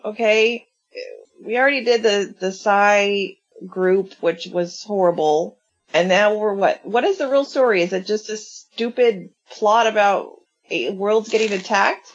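A woman's voice: mid-range voice, a little slow. A woman calling into a casual podcast by phone, talking in a worried, complaining way with emphatic questions. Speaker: podcast co-host on a call. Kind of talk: casual chat. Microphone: phone on a call. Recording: muffled phone call.

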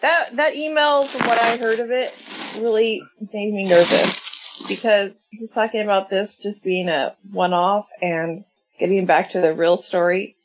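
A woman's voice: medium pitch, fairly even intonation, a little slow, noisy background. A woman calling into a casual podcast by phone, talking in a worried, complaining way with emphatic questions. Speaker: podcast co-host on a call. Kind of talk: casual chat. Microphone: phone on a call. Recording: muffled phone call.

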